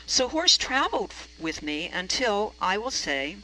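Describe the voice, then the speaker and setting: Bright-voiced woman preacher telling stories. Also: mid-range voice, big pitch swings, measured pace, poor audio. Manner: chatty, self-deprecating humor. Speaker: reverend. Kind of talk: storytelling sermon.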